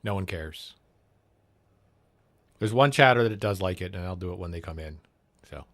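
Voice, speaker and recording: A man's voice: lively intonation, normal speed, a bit bright. A young man chatting casually on a livestream, crude and rambling, mocking himself. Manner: crude, rambling, self-mocking, low-key. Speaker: streamer.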